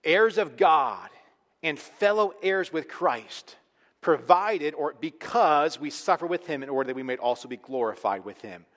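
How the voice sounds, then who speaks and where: A man preaching a sermon, earnest and emphatic, swinging between quiet, intimate lines and loud, pressing ones. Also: fairly high pitch, animated, measured pace. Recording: long reverb of a large hall.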